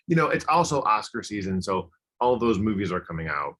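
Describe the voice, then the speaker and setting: A man's voice: lowish voice, expressive, fairly quick, hardly any pauses, fairly bright tone. A man co-hosting a podcast, chatting casually and enthusiastically, rambling with lots of fillers. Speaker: podcast co-host. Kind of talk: casual chat.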